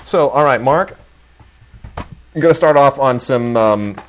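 A man's voice: medium pitch, unhurried. A middle-aged man hosting a casual chat about new releases, rambling with many fillers and restarts, gushing with enthusiasm. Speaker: host.

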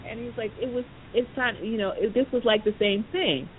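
Woman telling a story over a tinny line. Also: fairly quick. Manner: animated storyteller, acts out quoted voices, many fillers. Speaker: podcast host. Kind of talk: casual storytelling. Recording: tinny phone-line audio with faint rumble.

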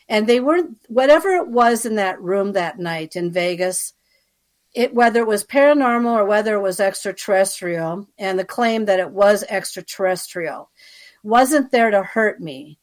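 A woman guest recounts her own experiences in a chatty, conversational way, full of fillers and asides. She keeps turning to the listener to check they are following. Her voice sits at an ordinary middle pitch. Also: lively intonation, unhurried. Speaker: interview guest. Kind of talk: personal storytelling.

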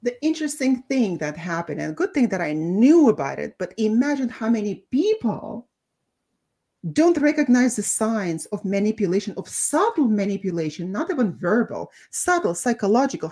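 Lady cohost chatting on a podcast, soft warm voice, lots of ums. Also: a little high, big pitch swings, normal speed. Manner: thoughtful, many fillers and restarts. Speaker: co-host, doctor. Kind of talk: casual podcast talk.

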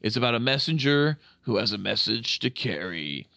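A man voicing an old grandfather who starts telling a war story in a slow, solemn way. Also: mid-range voice, sing-song, creaky, pushed and bright, no echo, voice pushed down, exaggerated voice.

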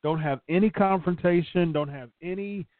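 A man's voice: high-pitched, normal speed, no echo. A male podcast host giving opinionated, casual commentary and answering a live chat, who often repeats words and restarts sentences. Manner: opinionated, conversational. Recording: tinny phone-like line, dry.

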